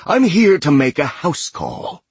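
A man voicing a sadistic, mocking male corporate killer in an audiobook, taunting and shouting in anger. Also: on the low side, sing-song, a little slow, husky, no room sound, heavily acted. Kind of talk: audiobook character voice.

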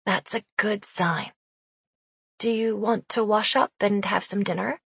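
A woman voicing a gentle young female caretaker who speaks softly and slowly in an audiobook. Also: medium pitch, husky, no room sound, full character voice. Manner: soft, slow and quiet.

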